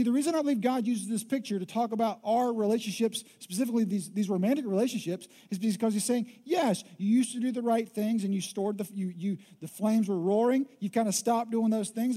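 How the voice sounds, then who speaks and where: Man pastor, sermon, high pitch, mellow dark tone, emphatic, loud then hushed. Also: brisk.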